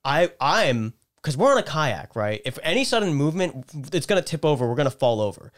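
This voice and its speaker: A man casually telling a story on a podcast, animated and profane, getting loud when he acts out scenes. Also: fairly high pitch, a little fast.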